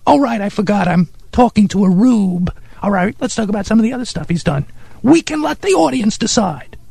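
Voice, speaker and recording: A performer voicing Harry, an eccentric, excitable male music snob who talks in a pompous, condescending way in a comedy radio sketch. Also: medium pitch, fairly quick, creaky, husky, no room sound, heavily acted. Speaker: regular sidekick character.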